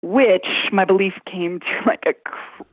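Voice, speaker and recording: A woman nurse tells stories in a casual, laughing conversation. Her voice is a bit husky and comes over a thin, phone-like line. The sound is dry, with no room around it. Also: medium pitch, unhurried, dry recording. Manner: laughs often, animated storytelling. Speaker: ER nurse guest. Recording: phone-like remote audio.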